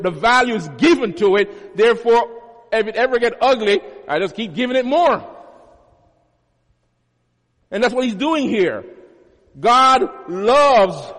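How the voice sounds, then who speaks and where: A male pastor preaching a sermon, teaching with emphatic repetition and homely everyday examples. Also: sits high. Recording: long hall reverb.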